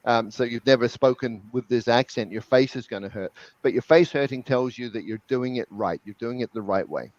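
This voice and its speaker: Energetic man explaining on a dry call. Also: mid-range voice, fairly quick, no echo, highs cut off. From New Zealand. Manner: energetic, repeats words as he explains. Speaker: guest language expert. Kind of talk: webinar interview, explaining.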